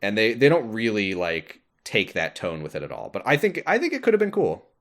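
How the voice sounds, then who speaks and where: Low-voiced man rambling in casual chat. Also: wildly swooping pitch, fairly quick. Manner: rambling, filler-heavy, laughs often. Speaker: podcast co-host.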